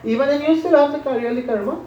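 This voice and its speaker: A man's voice: extremely high pitch, racing, dark tone, voice pushed up. A man gives voice to a wise sage who admonishes and instructs, pressing with pointed questions. The sound is distant and roomy, on a dull, lo-fi recording. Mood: instructive.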